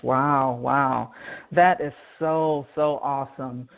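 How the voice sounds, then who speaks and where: A woman's voice: rumbling low, fairly even intonation, slow, creaky, muffled recording. A woman hosting a podcast interview, encouraging and affirming her guest with frequent murmurs of agreement. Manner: encouraging, lots of backchannel "mm-hmm". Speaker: podcast host. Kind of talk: casual interview chat.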